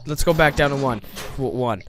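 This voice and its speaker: A man giving casual let's-play commentary, chatty and excitable, often breaking into surprised exclamations. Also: mid-range voice, fairly quick, soft background music. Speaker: gameplay commentator.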